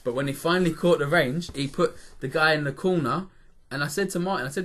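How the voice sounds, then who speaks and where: A man's voice: a little high, fast, fairly bright tone. Rambling, swearing male podcast host. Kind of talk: casual chat.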